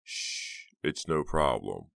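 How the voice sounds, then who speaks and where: Cool, unbothered teen boy, read by a man, soft and slow, very deep voice. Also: lively intonation, gravelly, no echo, heavily acted. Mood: calm. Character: calm, pale teenage boy, unnervingly cool.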